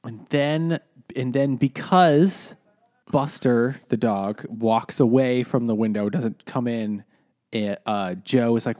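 A young man co-hosting a comedy podcast, recounting things in a rambling, halting way with lots of fillers. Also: medium pitch, animated, darkish tone, no echo, clean studio sound. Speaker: podcast co-host. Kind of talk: casual comedic chat.

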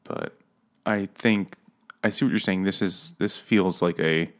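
A man's voice: deep voice, measured pace, vocal fry. A man co-hosting a casual book podcast over beers, thinking aloud and sounding unsure of himself.

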